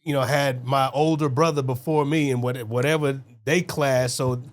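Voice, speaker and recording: A man's voice: mid-range voice, fairly even intonation, moderate pace. Rambling, wisecracking man recalling school. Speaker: podcast co-host. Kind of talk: casual chat.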